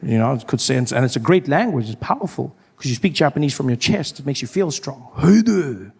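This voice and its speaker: A man from doing stand-up comedy, telling stories in an animated way and acting out scenes with loud outbursts. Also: mid-range voice, fast talker, gravelly, background noise. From South Africa.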